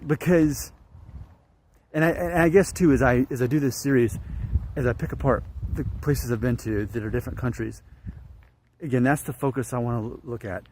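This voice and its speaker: A man's voice: medium pitch, normal speed, a little mellow, a little hiss or hum. A man in his late thirties from northern Alabama, talking through his thoughts in a casual, musing monologue for his viewers. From northern Alabama, United States. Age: late 30s. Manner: musing, repeats himself, trails off. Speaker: vlogger.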